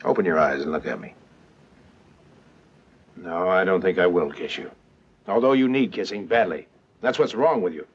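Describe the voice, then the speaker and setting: Rhett Butler, a wry cynical rogue. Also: male voice, sits low, moderate pace, pauses often. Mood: teasing. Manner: teasing, smooth and self-assured. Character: cynical, wry, confident Southern gentleman rogue. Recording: dull old 1930s film soundtrack.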